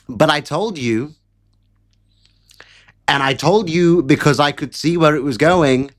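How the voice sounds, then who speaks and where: A man's voice: fairly high pitch, unhurried, long pauses. A man delivering sarcastic, mocking political commentary in a ranting live stream. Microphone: camera setup at home.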